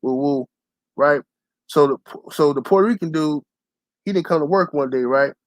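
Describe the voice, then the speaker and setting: Young guy ranting to his channel, loud and cussing, higher voice, dry close sound. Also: normal speed, no room sound. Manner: loud, profane and heated, often shouts in quoted lines. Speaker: channel host. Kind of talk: profane storytelling rant to camera.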